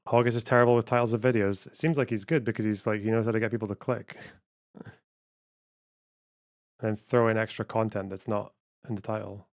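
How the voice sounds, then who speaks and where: A man's voice: on the low side, fairly even intonation, fairly quick, long pauses, dry recording, studio quality. A man hosting a live stream, chatting casually and muttering offhand remarks as he reacts to clips. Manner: offhand, chuckling, muttering to himself.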